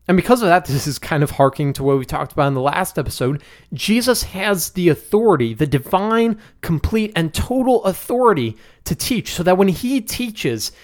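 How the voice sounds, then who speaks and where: A man hosting a podcast, teaching a Bible passage in a relaxed, conversational way with the odd chuckle. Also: sits high. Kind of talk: casual Bible study teaching.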